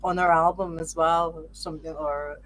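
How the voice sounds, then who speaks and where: A woman's voice: deep voice, little pitch movement, moderate pace. Hesitant woman podcast host asking questions. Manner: hesitant, searching for words, uh and um. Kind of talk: casual interview questions.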